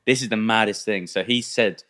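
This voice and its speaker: A man's voice: fairly low pitch, normal speed, sharp tone. A young man co-hosting a casual podcast, telling stories with quoted voices and plenty of swearing. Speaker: podcast co-host. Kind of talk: casual chat.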